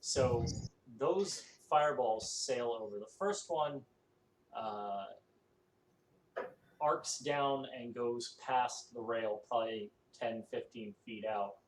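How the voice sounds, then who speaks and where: A man narrating a tabletop game as game master, halting and full of fillers. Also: medium pitch. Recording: echoey room, faint noise.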